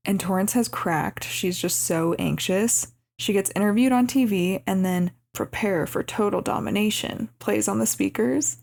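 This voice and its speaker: A young woman with a mid-pitched, gravelly voice tells the plot of a movie to a friend. She gets animated, throwing her voice high or low as she acts out the characters' lines. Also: measured pace, hardly any pauses. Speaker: podcast co-host. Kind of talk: casual movie recap chat.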